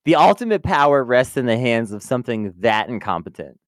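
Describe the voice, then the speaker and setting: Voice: medium pitch, very animated, a little fast, no echo, studio quality. A podcast co-host in casual review chat, talking loosely with lots of filler words and easy laughter. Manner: chatty, many "like" fillers, laughs easily.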